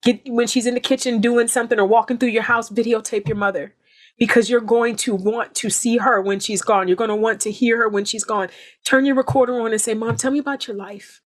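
A woman speaks as a podcast guest in a heartfelt, emphatic way. She drives her points home with repetition. Her voice sits slightly high. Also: steady tone, fairly quick. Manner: earnest, emphatic, repeats phrases for effect. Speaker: guest actress.

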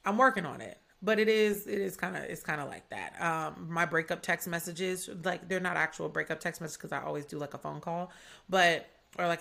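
Young woman from Atlanta hosting a podcast, slightly low voice with vocal fry, chatty and candid. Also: fairly bright tone. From Atlanta, USA. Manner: chatty, candid, heavy use of "like". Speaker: podcast host. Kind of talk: casual podcast monologue.

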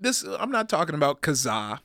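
A man's voice: fairly high pitch, big pitch swings, normal speed, vocal fry, pushed and bright, no room sound. Joking man, dry close sound. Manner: joking, rambling, laughs often. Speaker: podcast co-host. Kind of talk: casual chat.

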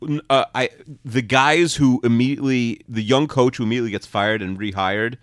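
A man's voice: mid-range voice, steady tone, fairly bright tone, clean tone, dry recording, clean studio sound. Rambling, opinionated podcast co-host man. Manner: rapid, rambling, opinionated with many "like"s. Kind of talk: casual sports podcast chat.

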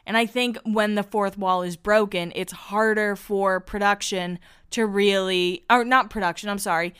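Podcast host, young woman, casual and profane, mid-range pitch, animated storyteller. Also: moderate pace, smooth. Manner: chatty, swears freely, animated retellings.

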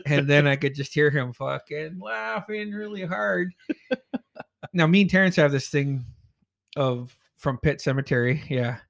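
A man's voice: on the high side, unhurried, creaky. A man hosting a podcast, casually telling a drunken story with lots of swearing and laughter. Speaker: podcast host.

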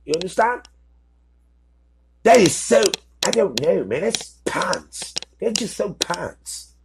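A man's voice: high voice, sing-song, slow, creaky, noisy background, full character voice. A man putting on a mock English accent to play a smug, scheming male startup founder who drops British slang. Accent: put-on English. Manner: plummy British slang, mocking.

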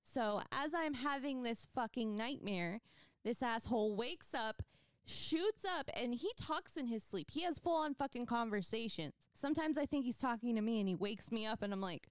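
A young woman tells a story on a casual podcast with a high, bright voice. She is animated, laughs often and swears freely. The sound is dry and close. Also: normal speed, clear, resonant tone, no room sound. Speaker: podcast co-host. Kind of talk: casual chat.

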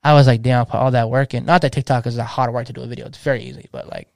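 Man in his thirties, DJ, rapid slangy talk, lots of restarts, dry close sound. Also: mid-range voice, fairly even intonation, gravelly, no room sound. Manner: slangy, passionate, frequent restarts and "bro". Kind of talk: casual podcast chat.

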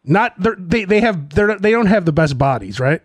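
A man's voice: high voice, expressive, moderate pace, no room sound. A man co-hosting a casual wrestling podcast, joking and laughing a lot and acting out voices. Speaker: podcast co-host. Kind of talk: casual chat.

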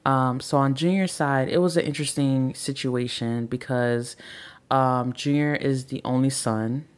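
A woman's voice: extremely low pitch, steady tone, unhurried, smooth. A woman in her thirties hosting a podcast, talking casually about family and marriage, full of "like" and "right?", acting out quoted lines. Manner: chatty, repeats "like" and "right?", acts out quotes. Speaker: podcast host. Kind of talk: casual advice talk.

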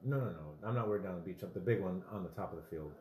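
A man as a podcast guest, talking in a laid-back, halting way. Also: low-pitched, dark tone, echoey room. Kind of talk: casual chat.

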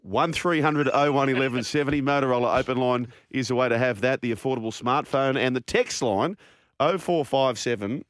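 An Australian man hosting a casual radio show on a studio microphone, chatty and enthusiastic as he runs through shout-outs and phone numbers. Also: mid-range voice, a little fast, no room sound. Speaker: radio host.

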